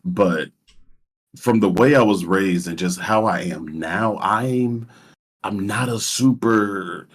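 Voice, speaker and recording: Deep husky man calling in. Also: animated. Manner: soft-spoken and halting, full of restarts. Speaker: caller. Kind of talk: casual call-in chat. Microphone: voice call mic held too far away.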